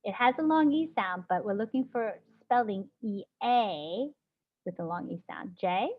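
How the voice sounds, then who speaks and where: Slow-paced woman teaching a class. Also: medium pitch, lively intonation. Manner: patient, encouraging, sounds out words slowly. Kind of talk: classroom phonics lesson. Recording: dull lo-fi classroom audio.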